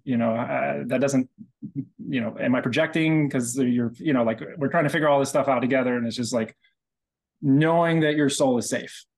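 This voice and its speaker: A man guesting on a podcast, telling his story in a casual, rambling way full of "like". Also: medium pitch. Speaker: podcast guest, breathwork practitioner.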